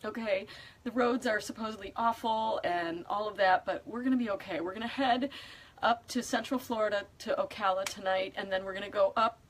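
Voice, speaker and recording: A woman's voice: medium pitch, steady tone, a little fast, slight background noise, poor audio. A woman chatting casually as she films a walkthrough of the boat she lives on, talking emotionally and rambling with many fillers into a handheld phone. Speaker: vlogger showing her home. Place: indoors on a moored boat.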